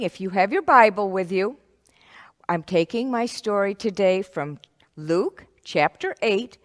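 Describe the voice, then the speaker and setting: Children's ministry teacher, woman, slow and very animated, long echo. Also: mid-range voice. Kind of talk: children's Bible story. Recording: echoey hall.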